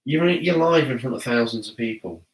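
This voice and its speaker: A man's voice: mid-range voice, a little fast, recorded from a distance. A grown man hosting a casual live gaming podcast, teasing his co-host and reading chat messages aloud. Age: adult. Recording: echoey room, away from mic.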